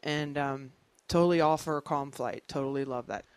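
Animated stand-up comic in their thirties. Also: medium pitch, moderate pace, clear, resonant tone, no room sound. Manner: animated storytelling, acting out other voices. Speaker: stand-up comedian. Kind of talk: stand-up comedy set.

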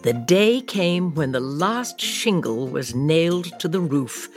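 A woman reads a children's picture book in a slow, lilting storytelling voice. She speaks low and moves through a wide pitch range, voicing playful sound effects. Faint music plays underneath. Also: expressive, a little mellow. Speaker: podcast host reading a picture book. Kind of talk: children's storybook read-aloud.

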